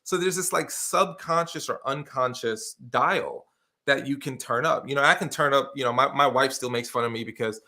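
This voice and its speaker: A man speaking as a guest in a casual conversational interview, energetic and expressive as he tells his stories. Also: medium pitch, moderate pace. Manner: energetic, expressive storyteller with many fillers and restarts.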